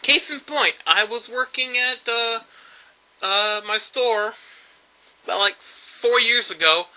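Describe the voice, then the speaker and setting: A man's voice: very high-pitched, slow, bright, forceful tone, rough recording. A man, telling rambling stories in a casual vlog monologue, full of fillers and laughs. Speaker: YouTube vlogger.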